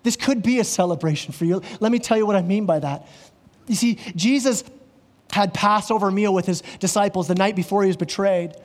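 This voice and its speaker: A male pastor preaching an earnest sermon, dropping lower and slower on key words. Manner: earnest, drops low and slow on key words. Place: church.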